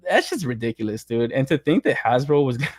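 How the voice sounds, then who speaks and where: A man's voice: medium pitch, very animated, fast, no echo, studio quality. A young adult man hosting a podcast, ranting casually with lots of swearing and laughter. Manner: profane, laughing rants. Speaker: podcast host. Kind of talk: casual chat.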